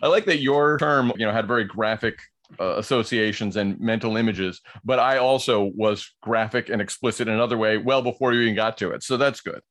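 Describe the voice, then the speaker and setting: A man's voice: on the low side, a little fast, fairly bright tone. A man co-hosting a podcast, explaining word origins in casual banter, laughing often and reading passages aloud.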